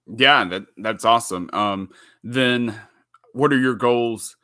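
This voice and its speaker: A man's voice: medium pitch, slow, pushed and bright, clear, resonant tone, dry recording, studio quality. A man interviewing an athlete, asking questions in an upbeat, encouraging way.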